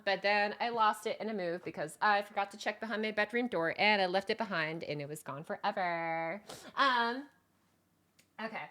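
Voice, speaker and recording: Bubbly bright-voiced woman streamer. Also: medium pitch. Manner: bubbly, jumps to loud squeals when greeting chat. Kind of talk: casual live-stream chat.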